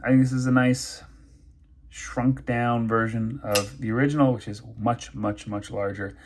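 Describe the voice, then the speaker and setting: Man in middle pitch, relaxed reviewer talking off the cuff. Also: unhurried, background noise. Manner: chatty, thinking aloud with many fillers. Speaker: knife and pen reviewer. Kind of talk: casual unboxing review.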